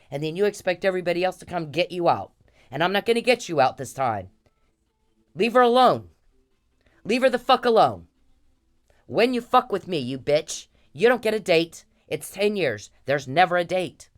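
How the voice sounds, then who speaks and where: A woman vlogger delivering an angry, confrontational rant straight to the person she is addressing. She swears freely and hammers the same phrases over and over. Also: fairly low pitch. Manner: confrontational, profane, repeats phrases. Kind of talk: angry direct-to-camera rant.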